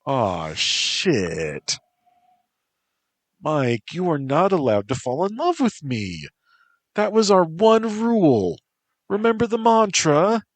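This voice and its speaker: A man's voice: fairly high pitch, very animated, slow, no room sound, pitched above the performer's own voice, heavily acted. A man voicing a young female water spirit who speaks firmly and insistently. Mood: alarmed. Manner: firm, insistent.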